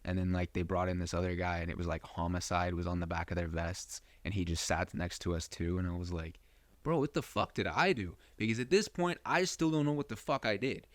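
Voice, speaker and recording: A man's voice: deep voice, fairly even intonation, fairly quick, few pauses, no echo. A young man hosting a podcast, telling a personal story in a loose, rambling way, swearing freely and full of fillers. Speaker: podcast host. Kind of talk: casual storytelling.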